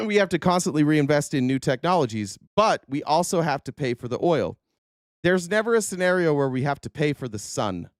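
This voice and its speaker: A man's voice: a little high, very animated, a little fast, no echo, clean studio sound. Sarcastic, profane male livestream host. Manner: sarcastic, profane, reads chat comments. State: voice a bit worn. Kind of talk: casual political livestream rant.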